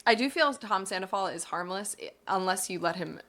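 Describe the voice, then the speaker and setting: A young woman co-hosting a podcast in casual chat, quick with jokes and reactions and laughing often. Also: medium pitch, animated, fairly bright tone. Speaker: podcast co-host.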